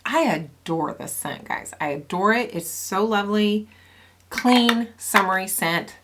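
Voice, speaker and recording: A woman's voice: mid-range voice, unhurried, background noise. A middle-aged woman who runs a small soap and candle business, chatting enthusiastically about her favorite fragrance oils. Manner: chatty and enthusiastic, with laughs and asides. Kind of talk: casual product vlog.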